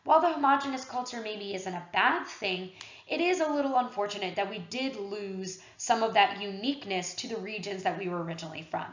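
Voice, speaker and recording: A woman gives a history lecture in a casual, conversational way, dotted with fillers. Her voice sits at a middle pitch. The recording is roomy and a bit muffled. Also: a little fast, fairly bright tone. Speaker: history teacher. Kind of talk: classroom lecture. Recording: roomy, slightly dull recording.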